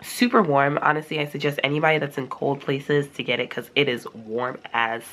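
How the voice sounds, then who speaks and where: A young woman telling a casual storytime, acting out her own reactions in a high, animated voice. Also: brisk, very noisy. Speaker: vlogger.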